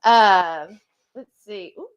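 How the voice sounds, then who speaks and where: A woman co-hosting a live cooking stream, greeting viewers by name and reading their comments aloud in an animated way. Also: medium pitch, slow pace, clear, resonant tone, lo-fi sound.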